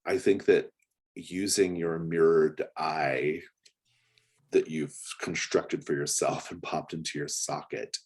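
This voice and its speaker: A man's voice: very deep voice, steady tone, slow pace, breathy edge. A man narrating as game master of a tabletop game, describing scenes in a hesitant way with many fillers.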